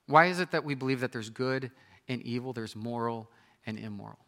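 A man's voice: mid-range voice, fairly quick, a bit bright. A man preaching a sermon in an earnest, questioning manner. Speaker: pastor.

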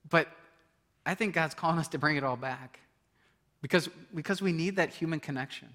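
A middle-aged male pastor with a bright, lifted voice and a somewhat high pitch for a man. He preaches in a loose, conversational way, chuckling often and dropping from loud emphasis into hushed, soft passages. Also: brisk. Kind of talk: sermon.

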